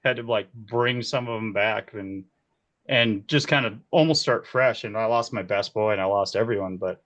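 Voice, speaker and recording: A man in his forties, a key grip, telling set stories in a casual interview, animated and quick to laugh. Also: lowish voice, lo-fi sound. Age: 40s. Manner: animated, laughs often, acts out quoted voices. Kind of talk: casual storytelling.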